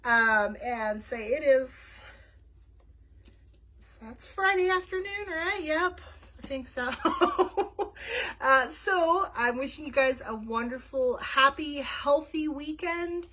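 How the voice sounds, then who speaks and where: A woman's voice: sits high, animated, slow pace, bright, forceful tone, low-quality recording. A woman librarian reading a children's book aloud and chatting with young listeners, friendly with casual fillers.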